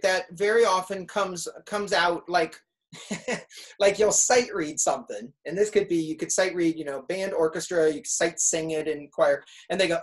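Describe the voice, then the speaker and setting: Animated middle-aged man giving advice. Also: sits high, low-quality recording. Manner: lively, animated storyteller acting out students. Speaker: music teacher and speaker. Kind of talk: casual advice talk.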